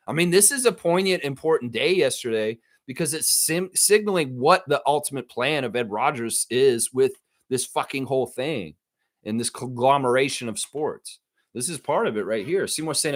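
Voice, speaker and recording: A man's voice: mid-range voice, animated, a little fast, fairly bright tone. A man hosting a livestream, ranting heatedly and profanely about sports and repeating himself for emphasis. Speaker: live stream host reading chat. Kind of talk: ranting live stream commentary.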